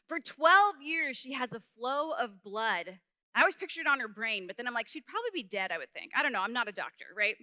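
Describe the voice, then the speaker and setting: A young adult woman giving a faith talk at a youth conference, telling a personal story in an animated way and acting out the voices she quotes. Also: on the high side, no room sound, clean studio sound.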